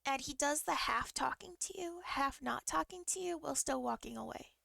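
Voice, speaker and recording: A young woman streaming live tells a personal story in a loose, rambling way, circling back with fillers and restarts. Her voice sits a little high and carries a heavy gravelly fry. The sound is close and dry, with no room around it. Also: moderate pace, sharp tone, dry recording. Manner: emotional, vivid retelling. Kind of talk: casual storytelling.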